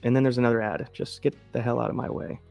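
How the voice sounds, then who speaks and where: A man's voice: medium pitch, fairly even intonation, fast, creaky, dull audio, faint music behind. Profane, sarcastic male commentary host. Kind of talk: political commentary show, reading news aloud.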